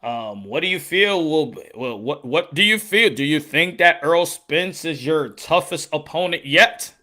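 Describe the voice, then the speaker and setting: A stiff, awkward male boxing interviewer, as a man puts him on. He pauses and restarts on filler words and repeats his questions. His voice is sharp and tense and sits a little high. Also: expressive. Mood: stilted. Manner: halting, awkward, repeats himself.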